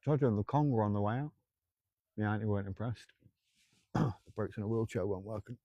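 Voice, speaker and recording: A man's voice: on the low side, brisk, dark tone, no room sound, highs cut off. Joking man with a sore throat. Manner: rambling, joking, greeting viewers by name. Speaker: ghost-hunting livestream host. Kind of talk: live-stream chat to viewers. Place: outdoors at night by old railway tracks.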